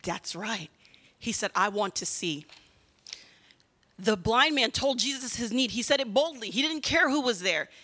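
A woman giving a children's sermon in a lively way, often asking the kids questions. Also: a little high, normal speed, long reverb tail. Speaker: children's church teacher.

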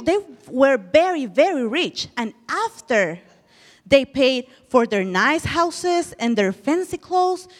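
High, lively woman telling children a Bible story. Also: long reverb tail. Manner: animated, asks children questions. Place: church.

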